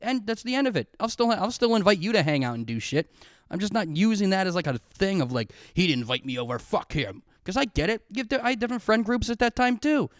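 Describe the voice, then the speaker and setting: A man hosts a casual solo podcast and tells rambling, self-mocking stories full of swearing. His voice is smooth and resonant and sits a bit high for a man. The sound is dry and close to the mic. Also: lively intonation, fast talker, dry recording. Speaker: podcast host.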